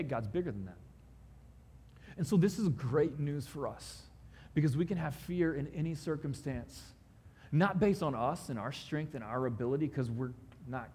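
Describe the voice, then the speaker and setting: Male preacher, conversational sermon, husky tone, slightly high voice, reverberant church sound. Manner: conversational preaching, builds to emphatic peaks. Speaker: pastor. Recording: long hall reverb.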